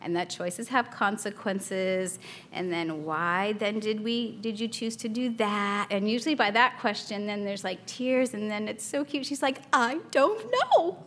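A woman's voice: mid-range voice, fairly even intonation, measured pace, fairly bright tone, slight background noise. A woman in her thirties teaching a Bible study in a chatty, casual way, laughing often and acting out a toddler's small voice.

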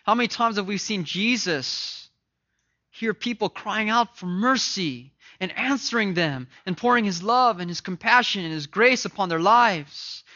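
A male preacher delivers a fervent sermon. He swings from loud, ringing emphasis to hushed, grave lines. His voice is bright and tense, and the recording sounds dull and lo-fi. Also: high voice, lively intonation, measured pace. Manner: impassioned, swings from loud to hushed, repeats words.

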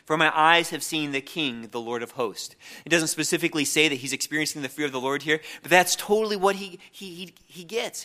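Bright-voiced man preaching a sermon. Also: high voice. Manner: earnest, repeats words when restarting, reads scripture aloud.

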